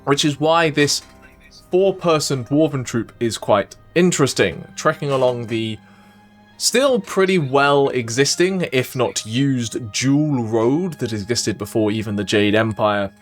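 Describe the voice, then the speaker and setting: A man with a Welsh accent, narrating a tabletop game as game master in a measured storytelling way. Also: medium pitch, lively intonation, faint music behind. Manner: measured storyteller, casual asides.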